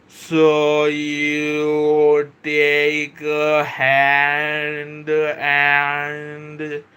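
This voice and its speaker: Speaking in a slightly high voice, this live-stream host chats with his audience, reads out their comments, and explains how a software model works. "Bro" and "kindly" come up often, and he frequently stops, restarts, and corrects himself.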